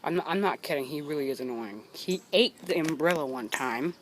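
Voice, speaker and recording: A woman's voice: sits low, animated, normal speed. A woman filming her cats at home on her phone, talking playfully to them in a cooing way and giggling often, sleepy from just waking up. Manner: cooing, playful talk to pets, frequent giggles. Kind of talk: casual home video chat. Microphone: handheld phone camera. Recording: phone video with clear background noise.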